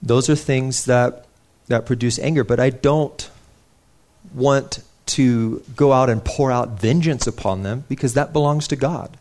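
A man's voice: mid-range voice, measured pace, a little mellow. Earnest young man preaching a sermon. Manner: earnest, conversational, with frequent restarts and personal stories.

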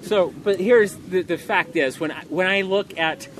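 A man delivering an earnest, emphatic sermon, speaking loudly so everyone can hear. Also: high voice, unhurried, slight background noise. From Montana. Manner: earnest, emphatic, loud to carry in a room. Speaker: preacher.

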